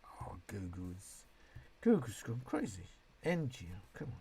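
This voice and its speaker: A man in his fifties hosts a loose, late-night livestream, answering viewer questions in a chatty, rambling way. He often starts a thought, breaks off and circles back, and his voice sits at an ordinary middle pitch. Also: huge pitch swings, normal speed, dark tone, slightly rough. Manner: rambling, chatty, self-interrupting. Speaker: livestream host.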